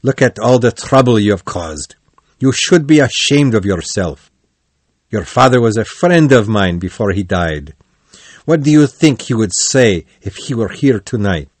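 A man's voice: fairly low pitch, big pitch swings, unhurried, a little mellow, no room sound. A man reading the part of a stern, serious old badger in a children's storybook. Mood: scolding. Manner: gruff scolding then kind.

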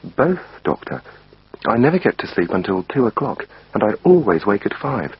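A man's voice: fairly low pitch, very animated, moderate pace, breathy edge, dry recording, voice pushed up, exaggerated voice. A man voicing a worried, overworked male patient who speaks anxiously, reading a textbook dialogue. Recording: dull lo-fi recording.

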